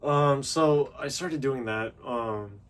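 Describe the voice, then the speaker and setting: Young male fitness vlogger, casual monologue, mid-pitched, filler-heavy, self-deprecating. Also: slow pace, slight background noise.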